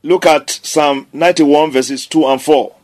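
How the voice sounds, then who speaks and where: A man's voice: a little high, fairly even intonation, a little slow, a little mellow. A man preaching a sermon, declaring scripture emphatically and repeating key phrases.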